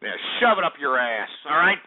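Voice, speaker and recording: Foul-mouthed male call-in host, high pitch, lo-fi radio sound. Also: very animated, fairly quick, slight background noise. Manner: angry, insulting, swears at callers. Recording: phone-like lo-fi radio.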